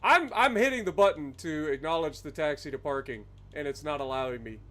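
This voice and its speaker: A man's voice: on the high side, a little fast, bright, forceful tone. A man streaming a flight game live, ranting angrily and profanely at the game. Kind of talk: live gameplay commentary.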